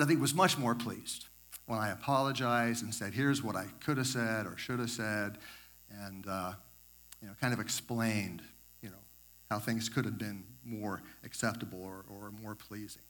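A man's voice: lowish voice, fairly bright tone. An older man and grandfather, telling a rambling devotional story with many repeats and asides. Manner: rambling, repeats words, self-correcting asides. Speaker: speaker sharing a devotional story. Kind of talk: informal sermon storytelling.

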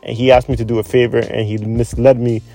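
A man's voice: medium pitch, little pitch movement, fast, warm tone, faint music behind. A man telling a casual story about a friend and acting out what people said in a chatty way. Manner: conversational, acts out quoted speech. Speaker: friend sharing a memorial story.

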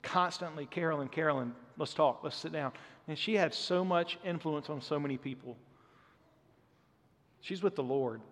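A man's voice: on the high side, normal speed, a bit bright. A man in his thirties preaching a sermon in a conversational, earnest way, often dropping in "man" as he talks to the congregation. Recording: long hall reverb.

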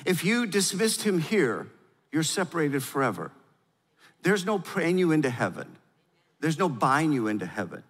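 An older male pastor delivering a sermon, his slightly high voice rising to urgent, emphatic peaks and dropping to hushed, grave lows. A long reverb trails each phrase, like a large sanctuary. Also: sing-song, moderate pace, slightly rough. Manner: emphatic preaching, swings from loud urgency to quiet gravity.

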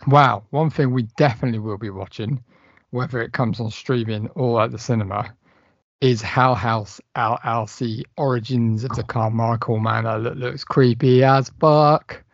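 A man's voice: medium pitch, steady tone, moderate pace, no room sound, lo-fi sound. A man co-hosting a casual film podcast, rambling and full of fillers. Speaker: podcast co-host.

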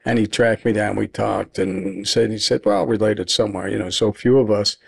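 A man's voice: lowish voice, lively intonation, moderate pace, gravelly, slightly rough. A man from Los Angeles hosting a podcast, chatting casually and cutting in with short agreements. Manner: conversational, affirming interjections. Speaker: podcast host. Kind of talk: casual chat.

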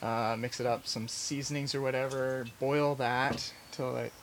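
A man's voice: medium pitch, fairly even intonation, measured pace, slight background noise. A man chef teaching a live cooking class in a chatty, rambling way, with many fillers and restarts. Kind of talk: casual live cooking demonstration. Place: farm kitchen class with audience.

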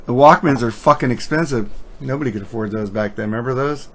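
A man's voice: mid-range voice, quick pace, fairly bright tone, a little hiss or hum. A middle-aged man hosting a casual podcast chat, easygoing, laughing often and cursing now and then. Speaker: podcast host.

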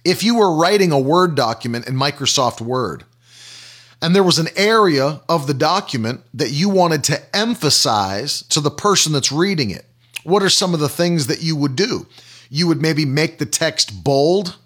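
A man delivers a sermon, teaching with questions and plain examples. His voice rides a little high and moves up and down a great deal. He repeats key phrases to drive them home. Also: animated, moderate pace, fairly bright tone. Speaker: preacher.

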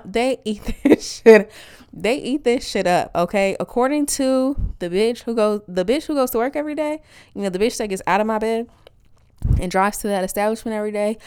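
A woman from Wisconsin delivering a casual comedic monologue, profane and animated, laughing often and mimicking other voices. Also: mid-range voice, a little fast, clean tone.

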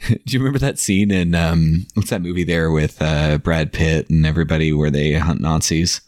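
A man's voice: a bass voice, normal speed, a little mellow, no room sound, clean studio sound. A man co-hosting a prank-call podcast, chatting crudely and swearing freely. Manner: profane, laughing, swearing freely. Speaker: podcast co-host making prank calls. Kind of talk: crude casual chat.

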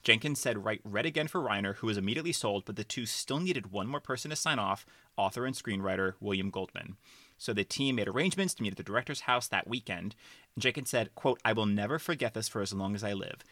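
Bright-voiced man hosting a film chat. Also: on the low side, quick pace, no echo. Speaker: podcast host. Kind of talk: casual chat, reading quotes aloud.

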